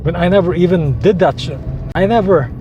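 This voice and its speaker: A man's voice: high-pitched, a little fast, dull audio. A man vlogging an angry, profane rant to his viewers, heated and repetitive. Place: outdoors, heading out to drive. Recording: noisy outdoor traffic.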